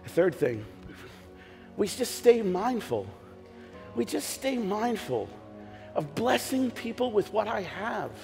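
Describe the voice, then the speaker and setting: A pastor preaching a sermon in a church, telling stories with humor and sudden shouted lines. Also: male voice, high voice, slow, vocal fry, long pauses. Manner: animated storytelling with jokes and bursts of shouting. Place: church sanctuary. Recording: long hall reverb, faint music behind.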